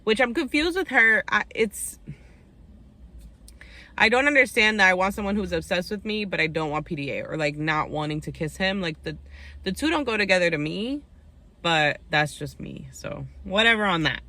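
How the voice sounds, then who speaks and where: A woman's voice: lowish voice, brisk, sharp tone. A young woman recapping a reality dating show in a casual chat, full of "like" and "um" fillers, telling the story with plenty of opinion.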